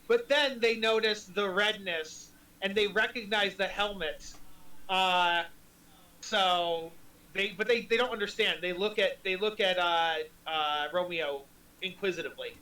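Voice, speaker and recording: A man running a tabletop game as dungeon master, narrating in a halting way. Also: high-pitched, bright, forceful tone. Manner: halting, laughs often. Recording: echoey room.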